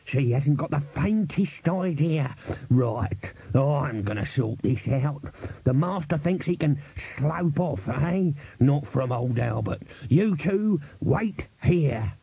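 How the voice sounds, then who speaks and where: A man voicing a cantankerous old male servant in an audiobook, grumbling and blustering in a raised, husky voice. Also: on the high side, expressive, slow, dark tone, heavily acted. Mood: angry. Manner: grumbling, blustering, working-class speech. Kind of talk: audiobook character voice.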